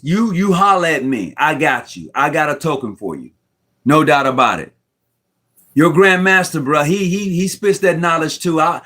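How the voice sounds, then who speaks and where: Middle-aged man, high voice, rambling and heartfelt, slangy, choked up at times, speaking over a video call from home. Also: fairly bright tone. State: near tears. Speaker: Mason guest on a live stream. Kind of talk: emotional casual talk. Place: room at home.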